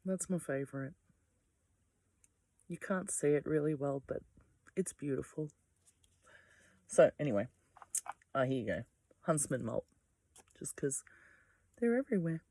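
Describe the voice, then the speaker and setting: An Australian vlogger sits at home by candlelight with the power out, rambling casually through a monologue, drifting off topic and swearing freely. The voice is mid-range and darkish, expressive and unhurried with long pauses, in a dry recording.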